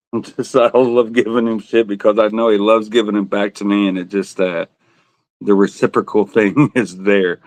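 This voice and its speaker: A man's voice: on the low side, flat delivery, normal speed, darkish tone, low-quality recording. A man running a casual live auction, joking and laughing as he calls out bids and buyers by name. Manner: joking, laughs often, self-teasing. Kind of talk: casual livestream auction chat.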